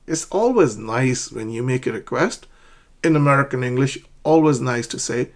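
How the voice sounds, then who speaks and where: Male English teacher, mid-pitched voice, patient pronunciation drills. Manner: slow, drilling pronunciation, repeats words. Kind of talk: ESL lesson, reading dialogues aloud.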